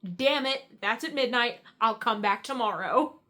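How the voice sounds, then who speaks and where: A woman's voice: a little high, expressive, measured pace, pushed and bright. A woman voicing a bold, defiant young heroine who talks bluntly and swears.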